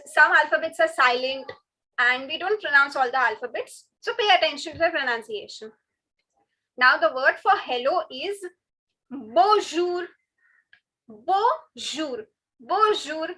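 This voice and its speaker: High, bright-voiced woman teaching slowly. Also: poor audio. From India. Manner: patient, repeats words slowly with drawn-out stress. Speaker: French teacher. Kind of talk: online language lesson.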